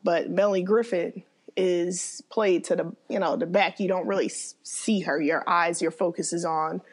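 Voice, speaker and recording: A woman chatting casually, an animated storyteller who acts out the people in her stories. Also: moderate pace. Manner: animated storyteller, acts out quoted voices with big pitch jumps. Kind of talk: casual chat.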